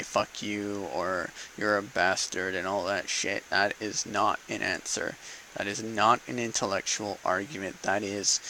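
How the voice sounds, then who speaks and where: In poor audio with slight background noise, a vlogger delivers a casual, combative political rant to camera, peppered with rhetorical "okay?" and "right?". His voice is fairly low yet bright, with a forceful tone.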